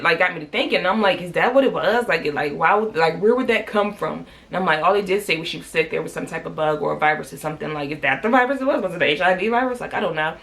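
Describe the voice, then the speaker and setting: A woman's voice: low-pitched, gravelly, fairly bright tone. A woman in her thirties telling a personal story to camera, candid and profane. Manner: candid, profane, heated retelling. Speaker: vlogger.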